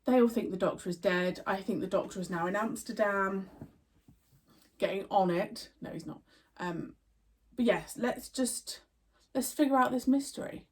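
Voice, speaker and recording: A woman's voice: mid-range voice, normal speed, husky, recorded from a distance. A woman in her thirties hosting a reaction video, chatty and bubbly, rambling casually. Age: 30s. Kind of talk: casual chat.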